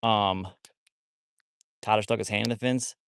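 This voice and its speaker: A man's voice: on the low side, steady tone, a little slow, creaky, a bit bright, slight background noise. A man chatting casually on a phone livestream about his wolfdogs. He rambles, repeats himself and talks to viewers as y'all.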